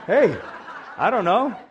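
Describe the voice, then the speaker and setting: High-pitched guy pastor, middle-aged, preaching, does little voices for folks he quotes, jokey. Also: muffled recording, a little hiss or hum. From Italian-American background. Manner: animated, acts out quoted voices, self-deprecating humor. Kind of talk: sermon.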